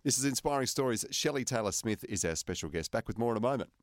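A man's voice: mid-range voice, animated, quick pace, dry recording, soft background music. A man hosting a radio interview, with many ums and uhs. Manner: hesitant, many fillers. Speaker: radio show host.

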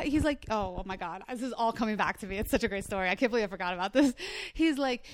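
A woman's voice: medium pitch, quick pace, dry recording, clean studio sound. A woman comedian telling a long story in casual chat, swearing freely and acting out her own phone calls. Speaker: guest comedian.

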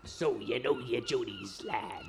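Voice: mid-range voice, wildly swooping pitch, unhurried, soft background music. A performer playing a growling old pirate captain in an amateur radio comedy. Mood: gruff.

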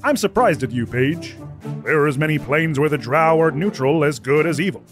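A man voicing a prim elf lord co-commentator who speaks in a measured, lecturing way. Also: fairly high pitch, expressive, music in the background, voice pushed up, lightly acted.

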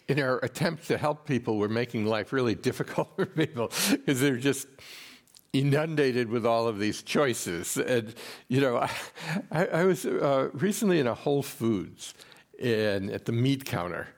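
A man speaking as a guest on a panel, telling anecdotes with halting restarts and an amused tone. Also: mid-range voice, expressive. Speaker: author guest on a food panel.

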